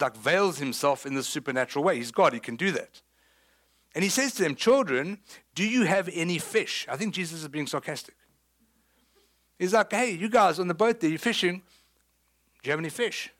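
Man, South African accent, preaching, slightly higher voice, animated storytelling, acts out the voices with humor. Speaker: pastor. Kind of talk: sermon.

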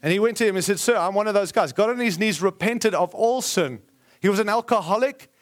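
A man's voice: high-pitched, fairly quick. A man preaching a sermon, telling a family story with acted quotes, frequent asides and self-corrections.

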